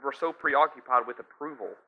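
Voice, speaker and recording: A man's voice: medium pitch, fairly quick. A man preaching a sermon in a conversational, storytelling way, with frequent asides to the listeners. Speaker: pastor. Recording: slightly dull lo-fi sound.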